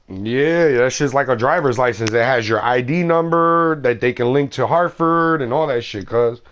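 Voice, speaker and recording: A man's voice: medium pitch, unhurried, fairly bright tone. A man streaming a game, chatting casually in a slangy, rambling way and swearing freely. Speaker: gaming streamer.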